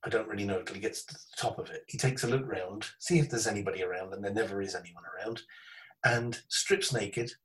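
A man, hosting a podcast and telling rambling, animated anecdotes in casual chat. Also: on the low side, a little fast, recorded from a distance, poor audio. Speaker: podcast host.

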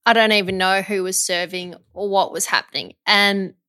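A woman's voice: mid-range voice, moderate pace. Woman telling a story. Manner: animated storyteller, many fillers. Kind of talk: casual storytelling.

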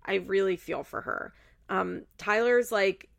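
Chatty woman host w/ lots of fry, says like a lot, swears casually. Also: mid-range voice, measured pace. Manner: chatty, swears, many fillers. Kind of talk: casual recap chat.

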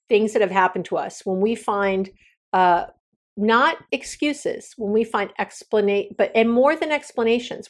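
A woman with a medium-pitched voice hosts her own podcast, talking candidly and from the heart in solo format. Earnest and near tears, she meanders, restarting sentences often and letting thoughts trail off.

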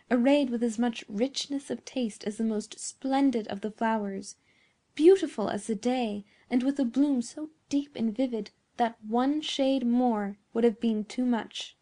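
Woman narrator for a classic gothic tale, slightly high pitch, measured and expressive. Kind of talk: scripted narration of a classic story.

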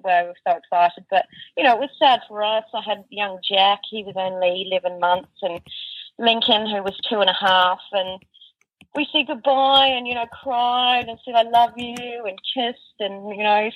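A woman's voice: mid-range voice, dry recording. Woman recalling a painful day, distant dull sound. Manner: halting, many restarts and fillers. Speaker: interview guest. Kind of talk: emotional personal recollection.

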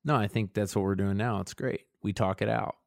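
Man, podcast co-host, low voice, dry close sound, rambling and self-searching. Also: steady tone, brisk, vocal fry, no echo. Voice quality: rambling, self-reflective, many restarts. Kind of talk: casual chat.

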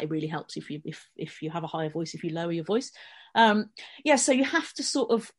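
A middle-aged woman with a Birmingham accent, her voice sitting on the lower side. She talks in a relaxed, conversational way, explaining things at length as a guest on a podcast panel. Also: husky. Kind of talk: casual podcast discussion.

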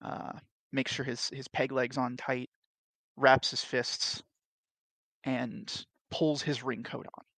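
Gravelly man narrating his game character. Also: mid-range voice, level tone, pushed and bright, dry recording. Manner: casual, unhurried, detailed. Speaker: player. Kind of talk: describing his character's actions in a tabletop game.

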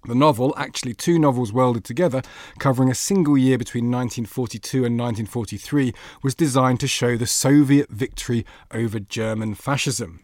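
A man's voice: mid-range voice, a little fast, no room sound. A man hosting a literary podcast, reading introductions and chatting with a guest. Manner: lively, reads intros then banters. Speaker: podcast host. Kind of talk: literary magazine podcast chat.

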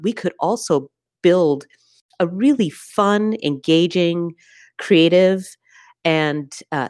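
A woman who works as a festival programmer, answering interview questions thoughtfully and often pausing on "uh" and "um". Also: deep voice, a little mellow, dry recording, clean studio sound. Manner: thoughtful, searching, many "uh" and "um" pauses.

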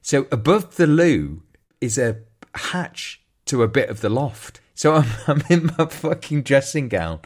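Animated man telling a story. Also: medium pitch, unhurried. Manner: animated, swears a lot, laughs through stories. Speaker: podcast co-host. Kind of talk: casual storytelling chat.

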